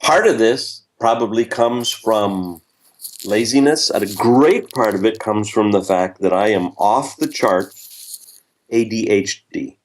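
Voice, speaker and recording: An older man, a guest speaker in a podcast interview, telling stories with humor and acting out lively quotes. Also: fairly low pitch, measured pace. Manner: storytelling with lively voiced quotes; self-deprecating humor.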